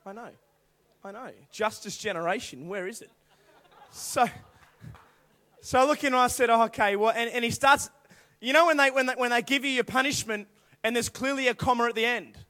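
A young man preaching to a youth group through animated personal stories, acting out voices and now and then bursting into shouts. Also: extremely high pitch, fairly quick. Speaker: youth speaker. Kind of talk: storytelling youth sermon.

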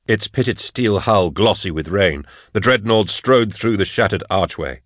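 A man reading a sci-fi audiobook in steady, dramatic narration. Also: on the low side, unhurried, dry recording, studio quality.

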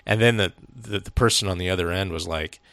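A man with a low, gravelly voice rambles through a casual podcast chat. He tells his story in fits and starts, with fillers, restarts and swearing. The sound is dry and close, with no room in it. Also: a little fast, a bit bright, dry recording. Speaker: podcast co-host.

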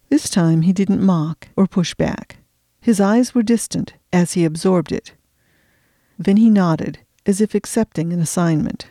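Woman reading an audiobook, steady and measured, dark mellow tone, dry close sound. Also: fairly low pitch, no echo. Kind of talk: audiobook narration.

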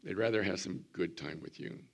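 Gravelly, deep-voiced older pastor. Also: male voice, brisk. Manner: folksy storytelling, animated when mimicking. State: hoarse, recovering voice after surgery. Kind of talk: sermon.

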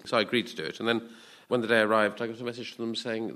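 A man's voice: on the low side, very fast, fairly bright tone. A man on a comedy panel, telling a wry anecdote.

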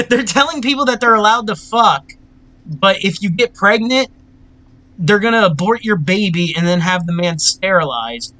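High, bright-voiced laughing young man. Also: animated, moderate pace. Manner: laughs often, crude, profane storytelling. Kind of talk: casual chat.

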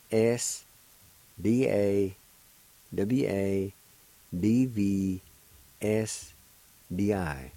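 A man's voice: lowish voice, dark tone, dry recording, poor audio. A man hosting a radio language lesson, patiently spelling out and pronouncing words one syllable at a time. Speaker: radio host teaching a language.

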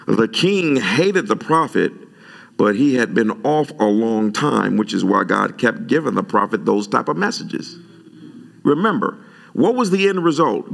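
A man preaching a sermon, animated and conversational, jumping high in pitch when he retells his own words. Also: gravelly. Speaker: pastor.

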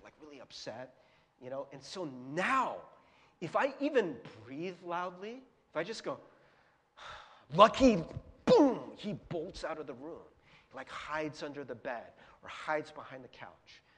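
A man's voice: on the high side, expressive, moderate pace, breathy edge, in a large hall. A man preaching a casual, chatty sermon as pastor, asking his small audience questions and laughing often. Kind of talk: conversational sermon. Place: church hall with a projector.

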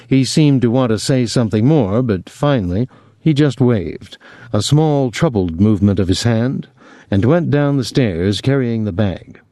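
A man narrating a novel as an audiobook, reading in a measured, expressive way. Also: mid-range voice, no room sound, clean studio sound. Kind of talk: scripted narration.

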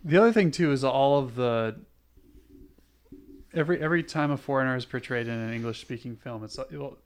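A young man co-hosts a podcast in loose, casual chat. His mid-pitched voice wanders through asides and restarts. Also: fairly quick, slight background noise. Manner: rambling, full of "like" and restarts. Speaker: podcast co-host.

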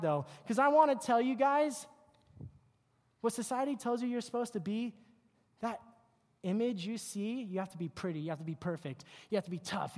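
Animated youth preacher in a big hall. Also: medium pitch. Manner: animated, joking, mocks teen habits. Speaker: youth pastor. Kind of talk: youth sermon with slides. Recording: long hall reverb.

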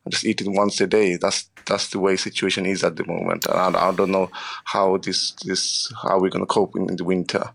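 A middle-aged working father in a radio interview, emotional and strained, speaking haltingly with many repeated words and "you know" fillers. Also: low voice, flat delivery, gravelly, fairly bright tone.

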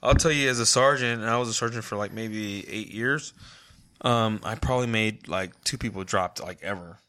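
A man in his thirties chatting casually with his younger brother, a relaxed storyteller who laughs through his anecdotes. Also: lowish voice, normal speed. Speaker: interview guest, older brother. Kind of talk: casual family conversation.

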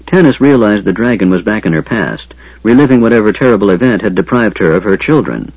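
A man narrating an audiobook in a measured, expressive manner. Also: lowish voice, dry recording, dull audio. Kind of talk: scripted narration.

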